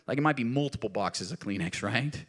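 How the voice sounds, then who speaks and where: A man's voice: mid-range voice, lively intonation, fairly quick, a bit bright. Earnest pastor preaching to his church. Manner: conversational, earnest preaching with casual asides. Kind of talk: sermon.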